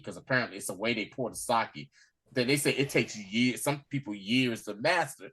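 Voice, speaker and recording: A man's voice: moderate pace, husky. A man co-hosting a podcast, retelling a TV episode in casual slangy chat, acting out scenes and laughing often. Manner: drops to a low murmur when quoting, jumps high and loud when excited. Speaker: podcast co-host recapping a TV episode.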